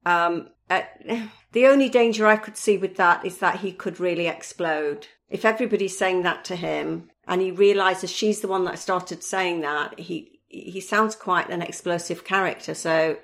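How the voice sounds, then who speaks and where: An older woman, speaking as a guest on a podcast in a measured, earnest way. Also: lowish voice, fairly bright tone. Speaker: guest, a host's mother. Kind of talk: casual chat.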